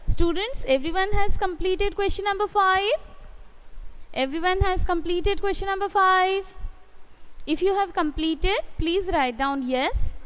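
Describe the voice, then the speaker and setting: A woman with an Indian English accent teaching a kindergarten English class live online, dictating slowly, spelling words letter by letter and praising her pupils. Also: extremely high pitch, a bit bright, long reverb tail. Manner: slow, sing-song dictation, stretching words and spelling letters aloud.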